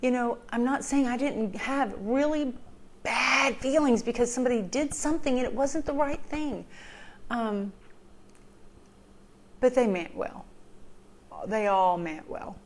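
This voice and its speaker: A woman's voice: a little high, a little slow, long pauses. A woman in a heartfelt personal talk, sharing advice in an earnest, emotional way, with many ums and repeated phrases for emphasis. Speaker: vlogger sharing recovery advice.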